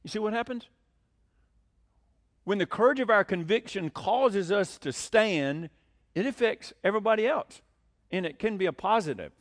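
A man preaching a sermon as pastor, animated, asking rhetorical questions and chuckling between points. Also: high voice, normal speed, long pauses.

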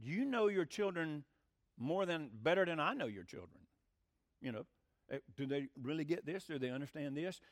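A man's voice: a little high, animated, normal speed, no echo, clean studio sound. A middle-aged man, a pastor teaching a Bible lesson in an emphatic sermon style and asking the congregation questions.

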